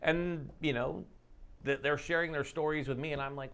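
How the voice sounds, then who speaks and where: A man hosting a podcast, chatting casually with his guest and getting animated in his asides. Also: on the high side, moderate pace, vocal fry. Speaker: podcast host.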